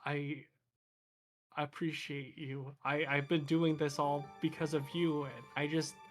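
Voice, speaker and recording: A tearful head chef speaking in a soft, halting voice, as a man acts her out. The delivery is slow and quiet, with faint music behind. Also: fairly high pitch, little pitch movement, close to an everyday voice. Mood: moved. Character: insecure female head chef, overwhelmed.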